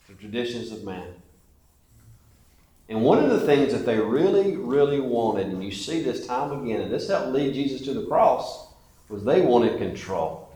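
A man preaching a sermon as a pastor, emphatic, rising and falling in loudness. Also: medium pitch, lively intonation, moderate pace. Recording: echoey church hall.

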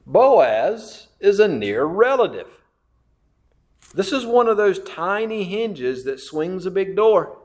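A man preaching a sermon, slow and emphatic, repeating phrases and asking questions of his listeners. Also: sits high, sing-song, a little mellow. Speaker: pastor.

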